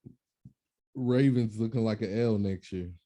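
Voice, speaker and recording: A man with a very dark, mellow voice chats loosely about sports as a podcast co-host. He talks in a laid-back, slangy way, joking as he goes. The sound is dry and close. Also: lowish voice, measured pace, dry recording. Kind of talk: casual sports banter.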